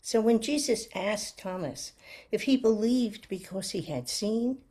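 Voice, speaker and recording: A woman delivers a sermon reflection, unhurried and earnest. Her voice is mellow and slightly husky, and she weaves a personal story into her preaching with gentle sincerity. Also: medium pitch, animated. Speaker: lay preacher giving a reflection.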